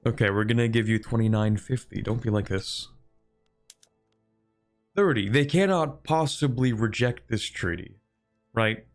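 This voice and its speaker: A man streaming a strategy game live, talking to chat and bargaining aloud with computer opponents in an animated, joking way. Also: medium pitch, unhurried, pauses often. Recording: faint music behind.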